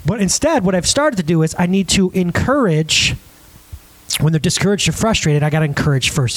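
A man delivers a lively sermon to a live audience. His voice sits high and swings widely as he acts out everyday moments and keeps turning to the listeners with quick questions. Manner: animated, acts out scenes in different voices; chatty, asks the crowd questions.

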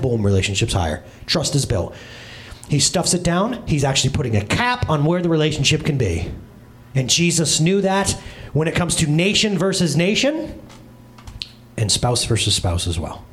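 A man in his thirties preaches from a church stage with a high, bright-sounding voice. His pitch leaps and swoops as he tells stories, dropping into comic voices and quick asides. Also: very animated. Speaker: pastor. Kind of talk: humorous sermon.

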